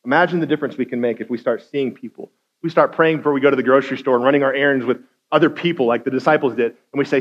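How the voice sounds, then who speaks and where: A man giving a guest sermon in a casual, conversational way, acting out quotes and rising to loud intensity. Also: medium pitch, racing, highs cut off. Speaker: guest speaker.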